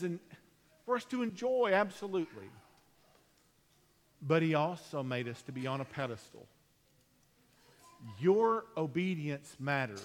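A man's voice: high-pitched, fairly bright tone, long reverb tail. A man preaching a sermon, emphatic and repetitive, often restarting his phrases. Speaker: pastor.

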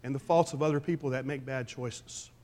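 A pastor preaching a conversational sermon, swinging between loud emphasis and quiet asides. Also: male voice, medium pitch, fairly even intonation, brisk. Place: church sanctuary.

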